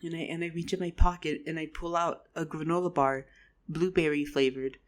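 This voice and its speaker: A man telling a rambling, comedic made-up story in a rapid, stumbling way. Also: fairly high pitch, level tone.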